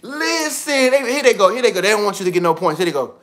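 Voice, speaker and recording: A man giving casual motivational talk on a livestream, slangy and animated, repeating himself often. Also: sits high, fast talker. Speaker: vlogger. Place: indoors with TV and iPad.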